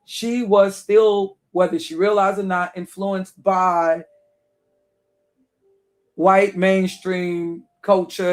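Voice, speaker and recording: High-pitched guy from chicago rambling on solo, stumbles over words, laughs a lot. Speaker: online talk host. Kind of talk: casual monologue.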